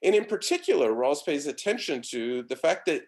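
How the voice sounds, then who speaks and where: A man's voice: a little high, very animated, normal speed. A middle-aged man giving an academic philosophy lecture, talking in a discursive way full of restarts and fillers.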